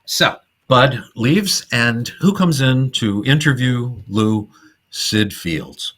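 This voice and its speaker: A man's voice: mid-range voice, expressive, slow pace, a bit bright. A middle-aged man hosting a podcast, casually and enthusiastically retelling old comedy film scenes and laughing often. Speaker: podcast host.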